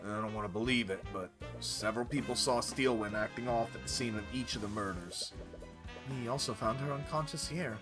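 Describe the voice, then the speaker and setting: A man voicing a blunt, weary knight commander in a game, a little lower than his own voice. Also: brisk, over music, close to an everyday voice. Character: gruff middle-aged male knight commander.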